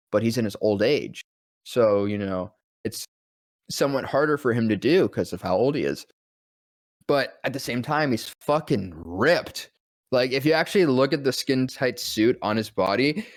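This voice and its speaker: Young male voice actor, rambling, profane storyteller, dry close sound, mid pitch. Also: no room sound. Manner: rambling, profane, quick to laugh. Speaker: podcast guest, voice actor. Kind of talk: casual storytelling chat.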